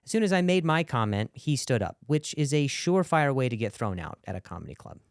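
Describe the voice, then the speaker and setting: A man's voice: medium pitch, very animated, fairly quick, creaky, smooth, dry recording, studio quality. A young man with a stutter doing a stand-up set, sarcastic and self-deprecating while working the crowd. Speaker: stand-up comedian. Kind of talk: stand-up set with narrated commentary.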